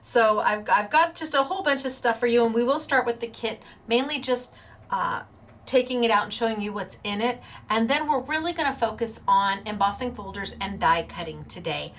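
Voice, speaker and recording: A woman's voice: a little high, moderate pace, fairly bright tone, a little hiss or hum. A woman hosting a paper-crafting show, talking in a bubbly, chatty way, laughing often and acting out little quotes. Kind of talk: casual chatty livestream.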